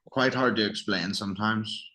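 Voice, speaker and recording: A man tutoring a learner, encouraging and patient, searching slowly for the right words. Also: lowish voice, noisy background.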